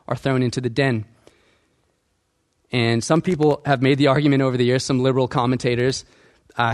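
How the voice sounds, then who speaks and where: A male pastor preaching a sermon, asking the congregation questions and acting out quoted lines. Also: medium pitch.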